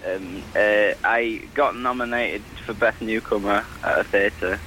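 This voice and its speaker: A man who is a stage actor, calling in to a radio show and answering in a hesitant, halting way. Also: lowish voice, pushed and bright, a little hiss or hum, rough recording. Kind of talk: casual call-in chat.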